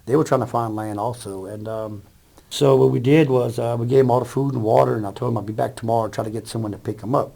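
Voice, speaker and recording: A man's voice: mid-range voice, steady tone, fast talker, gravelly, mellow. A plainspoken man telling about a rescue in an interview. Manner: blunt, plainspoken. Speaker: volunteer rescuer. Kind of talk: interview storytelling.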